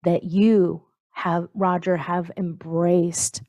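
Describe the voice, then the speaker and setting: A woman hosts a casual conversation with a slightly low voice. She speaks in an encouraging, reflective way. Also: flat delivery, extremely slow, mellow, lo-fi sound.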